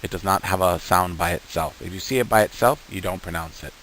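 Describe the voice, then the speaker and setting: A man teaching beginners, patient and slow, sounding out each syllable and repeating words for the learner to copy. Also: low voice, a bit bright, slight background noise, poor audio. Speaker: Hebrew teacher. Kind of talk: beginner language lesson.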